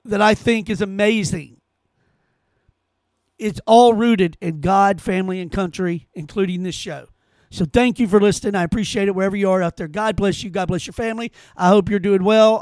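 A man's voice: high voice, dry recording. Sarcastic, indignant male podcast host. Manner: indignant, sarcastic, repeats phrases for emphasis. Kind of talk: opinionated solo commentary.

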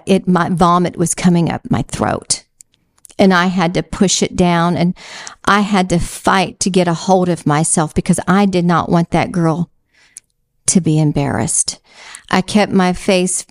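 A woman's voice: fairly low pitch, no room sound, clean studio sound. A middle-aged woman earnestly telling a Christian testimony and urging listeners on, repeating phrases for emphasis. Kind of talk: slow heartfelt testimony and exhortation.

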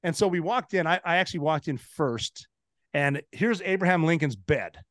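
40s american guy telling stories on a podcast, kinda high voice, lots of restarts, dead dry mic. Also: moderate pace, dry recording. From United States. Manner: animated anecdotes with frequent restarts and laughs. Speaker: podcast guest, former Navy SEAL. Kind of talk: casual storytelling chat.

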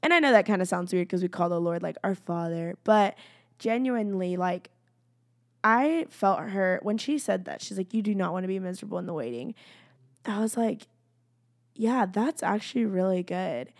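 A woman's voice: medium pitch, moderate pace, no echo, studio quality. A young woman in casual, chatty personal talk about faith and waiting, filling her speech with "like" and acting out her own prayers. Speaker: faith vlogger.

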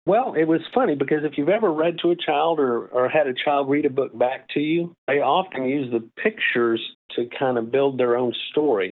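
An older man speaks over a tinny, phone-like line at a middling pitch. He answers interview questions in a relaxed, gentle, explanatory way. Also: moderate pace, few pauses. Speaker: guest author.

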